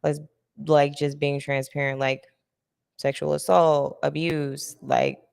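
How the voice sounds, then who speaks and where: A young woman hosting a podcast, her voice low with a gravelly edge. She talks candidly and reflectively and laughs easily, and her smooth voice trails off into a long reverb. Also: level tone, takes it slowly, a little mellow. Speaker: podcast host. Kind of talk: casual podcast chat.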